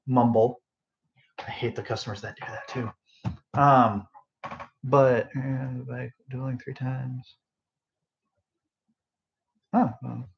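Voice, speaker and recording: A man's voice: mid-range voice, creaky, muffled recording, a little hiss or hum. A young man telling a work story in a loose, rambling way, full of fillers and side remarks, sleep deprived, recorded on a phone sitting on a bedside table. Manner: rambling, lots of fillers and asides. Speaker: podcast host. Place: bedroom, phone on end table.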